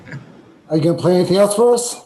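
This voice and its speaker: A male host chats eagerly with his guest and heaps on praise. His voice is a little high. The room around him is echoey. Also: animated, very fast, warm tone, a little hiss or hum. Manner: enthusiastic and effusive in praise. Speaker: talk show host. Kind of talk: casual interview chat.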